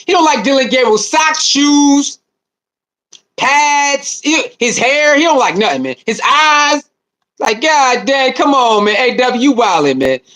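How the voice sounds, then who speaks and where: High-voiced animated livestream host. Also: male voice. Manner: animated, repetitive, slangy banter with viewers. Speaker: livestream host reading chat. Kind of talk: casual livestream chat.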